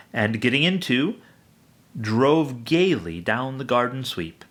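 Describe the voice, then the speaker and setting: A man reading a classic novel aloud with expressive storytelling. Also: mid-range voice. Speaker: audiobook reader.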